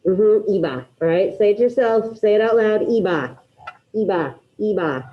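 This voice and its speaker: A woman teaching a class, drilling her students through repetition and quizzing them with quick questions in an upbeat way. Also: medium pitch, highs cut off. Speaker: Spanish teacher. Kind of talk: classroom grammar lesson.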